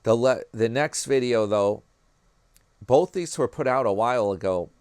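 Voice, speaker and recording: A man's voice: medium pitch, normal speed, a little mellow, clear, resonant tone, dry recording. A man with a New York accent chatting casually to his viewers, rambling from one thing to the next and calling them "guys" and "man". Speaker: YouTube commentary vlogger.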